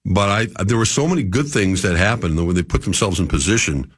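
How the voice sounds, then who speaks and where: A man's voice: lowish voice, expressive, brisk, breathy edge, dry recording, studio quality. A man with a cold and a cough, talking as a guest analyst on sports radio, hesitant but holding his view. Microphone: studio mic.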